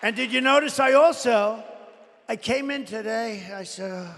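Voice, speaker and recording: An older man in his seventies rails from a rally podium in a high, gravelly voice, rambling and boastful, ready to pick a fight. His throat sounds strained from shouting. The sound carries a long arena echo over a faint crowd. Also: normal speed, a little hiss or hum. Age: 70s. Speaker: presidential candidate. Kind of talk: off-the-cuff campaign rally speech. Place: large indoor rally venue. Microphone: podium microphone.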